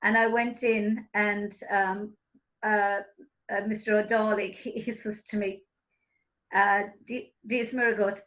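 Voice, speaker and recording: A woman hosting an interview, chatting casually and telling lively stories with frequent laughter. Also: mid-range voice, slow pace, low-quality recording. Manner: lively storyteller, laughs often. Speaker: host.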